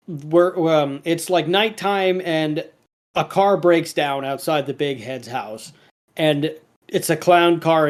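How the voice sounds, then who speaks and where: A man with a somewhat high voice co-hosts a casual podcast. He retells a cartoon episode in a loose, rambling way, restarting often and filling gaps with "like" and "um." Now and then he quotes the characters in a lightly acted tone. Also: darkish tone. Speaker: podcast co-host.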